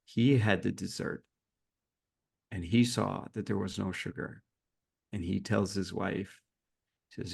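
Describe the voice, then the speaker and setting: A man's voice: deep voice, takes it slowly, vocal fry, long pauses, husky. A man, a podcast guest, earnestly telling a reflective personal story and acting out the dialogue. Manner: earnest, reflective, animated when retelling dialogue.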